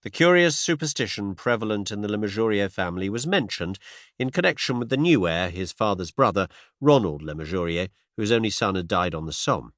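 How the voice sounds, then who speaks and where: A man narrating a classic detective story in a measured, expressive storytelling manner. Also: on the low side, no room sound, studio quality. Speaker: audiobook narrator. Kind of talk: scripted narration.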